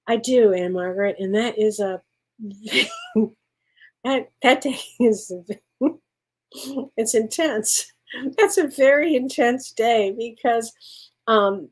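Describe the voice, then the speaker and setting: A woman's voice: fairly high pitch, slow, pauses often. A woman working as a spiritual medium, answering viewer questions on a live stream in an effusive way and calling people honey. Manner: warm, effusive, laughs often, calls people honey.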